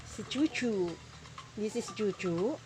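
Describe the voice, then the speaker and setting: A woman's voice: medium pitch, lively intonation, slow pace, heavy background noise. An older Filipino woman with a Filipino accent, coaxing her grandchild at home with simple questions, mixing Tagalog and English. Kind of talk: casual home video, talking to a toddler.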